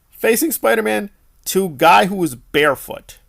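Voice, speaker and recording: A male film reviewer talking in a casual, exasperated and sarcastic way, firing off rhetorical questions. His voice sits a bit high for a man and carries a strong gravelly fry. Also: expressive, normal speed, fairly bright tone.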